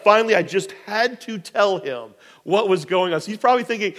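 A man preaching, telling a personal story in a rambling, animated way with many fillers. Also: sits high, a little fast, hardly any pauses, long reverb tail. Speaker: pastor. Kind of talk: storytelling sermon.

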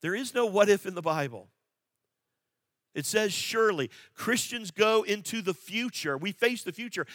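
A male pastor preaching a sermon, earnest, repeating phrases for emphasis and asking the congregation questions, swinging from quiet and low to loud and emphatic. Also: animated, moderate pace, no echo, studio quality.

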